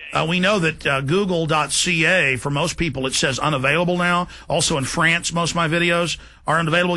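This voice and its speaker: A man hosting a talk radio show, speaking in an indignant, emphatic way. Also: a little high. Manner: forceful, indignant, fast and emphatic. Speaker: radio host.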